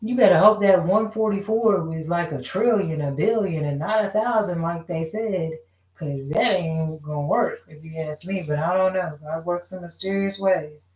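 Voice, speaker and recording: A woman's voice: fairly low pitch, normal speed, darkish tone. A woman venting in a casual, rambling rant, frustrated and profane, full of rhetorical questions. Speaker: vlogger. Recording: echoey room.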